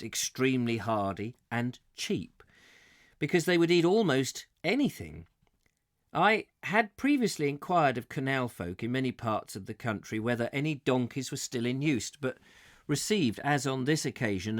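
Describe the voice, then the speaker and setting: A man hosting a live book reading reads steadily, then breaks off for chatty, amused asides and corrects himself. His voice is medium-pitched, recorded dry with clean studio sound.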